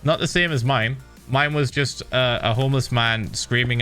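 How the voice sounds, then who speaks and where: A man chatting casually on a game stream, an animated storyteller who laughs often. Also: mid-range voice, moderate pace, soft background music. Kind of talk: casual stream chat while gaming.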